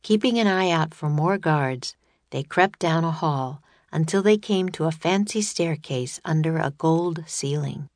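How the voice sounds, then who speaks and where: A woman narrating a children's audiobook in a steady, measured reading voice. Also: low-pitched, no room sound.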